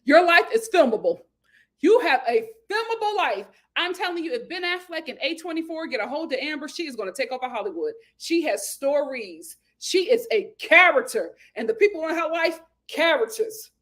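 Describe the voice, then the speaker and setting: Animated high-voiced woman recapping TV. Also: normal speed. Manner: animated and sassy, acting out quotes with big laughs. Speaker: reality TV recap host. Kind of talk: casual chat recap.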